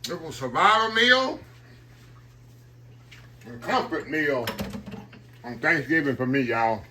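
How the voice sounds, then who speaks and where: A middle-aged man fixing food in his kitchen, talking straight to his viewers in a loose, folksy way. His slightly high voice jumps around in pitch with a lot of life, and a faint clink of dishes and pans sits behind him. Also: lively intonation, slow, pushed and bright, a little hiss or hum. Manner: folksy, chatty, talks straight to viewers as y'all. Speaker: cooking vlogger. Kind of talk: casual cooking vlog. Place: home kitchen.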